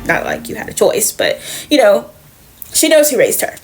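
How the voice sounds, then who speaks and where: A woman's voice: fairly high pitch, wildly swooping pitch, normal speed, soft background music. A woman casually retelling a comic book's story as a reviewer, chatty and profane, slipping into the characters' lines.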